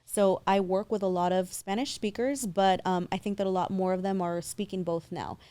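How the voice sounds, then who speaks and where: A woman's voice: medium pitch, fairly even intonation, normal speed, warm tone, dry recording. A woman in her thirties from San Diego, a guest explaining her work in a confident, fluent way. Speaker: guest, loan officer. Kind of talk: casual interview.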